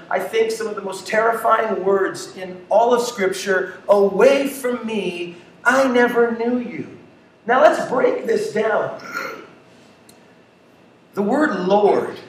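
Male pastor, high voice, slow and theatrical sermon delivery, distant mic in a reverberant church hall. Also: slight background noise. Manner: dramatic swings between loud enthusiasm and hushed tones. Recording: echoey room, speaker far from mic.

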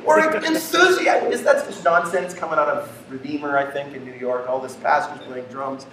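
A man preaching a sermon who swings between loud, excited passages and hushed, quiet ones. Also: fairly high pitch, moderate pace, hardly any pauses, a little hiss or hum. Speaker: pastor. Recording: echoey room, speaker far from mic.

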